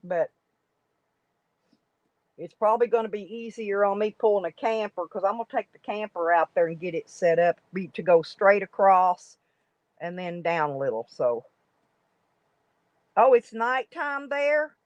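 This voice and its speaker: An American woman with a medium-pitched voice hosts a live stream, rambling casually with viewers while reading their comments. The audio has no echo and sounds dry, dull, and lo-fi.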